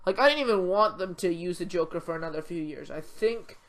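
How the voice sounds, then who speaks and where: A teenage girl co-hosting a casual podcast, talking excitably and rambling with lots of "like". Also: lowish voice, fairly quick. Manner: excitable, rambling, heavy use of "like". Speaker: podcast co-host. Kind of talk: casual chat.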